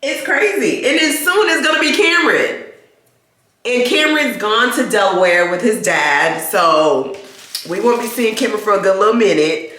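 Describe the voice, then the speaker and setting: Woman vlogger, middle-aged, wheezing with asthma, animated and laughing, bright voice. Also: mid-range voice, moderate pace, heavy reverb. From United States. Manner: chatty, laughing, animated storytelling. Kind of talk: casual chat to camera. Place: inside a car.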